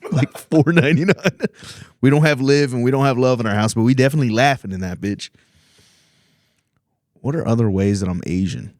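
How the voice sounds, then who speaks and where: A man's voice: fairly low pitch, darkish tone, dry recording, studio quality. A man from Virginia, a comedian hosting a podcast, telling rambling, profane stories in casual chat and laughing often.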